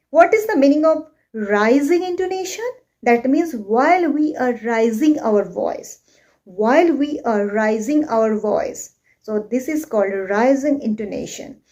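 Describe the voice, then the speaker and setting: A woman teaching a spoken English lesson, speaking slowly and repeating herself, often checking that the listener has understood, with exaggerated rising and falling tones in her examples. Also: high voice, warm tone.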